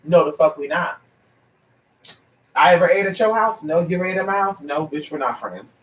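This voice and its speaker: A woman's voice: fairly low pitch, normal speed. A trans woman who gives paid readings, talking straight to her viewers in a blunt, sassy rant full of swearing, switching into mimicry of other people as she tells her stories. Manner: animated, mimics other people mid-story. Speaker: paid psychic reader. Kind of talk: casual vlog rant to viewers. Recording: roomy echo, distant from mic.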